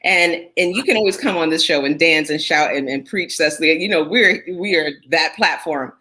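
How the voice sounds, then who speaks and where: Low-voiced encouraging woman host. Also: sharp tone. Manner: encouraging, quick affirmations. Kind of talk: talk show interview. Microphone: video call.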